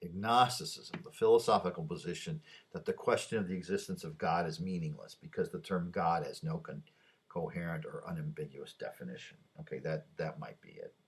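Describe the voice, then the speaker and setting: A husky man with a lowish voice rambles through a late-night monologue. He talks to himself, restarts often and drifts off mid-thought. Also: a little fast. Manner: rambling, muttering, restarts and trails off. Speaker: vlogger.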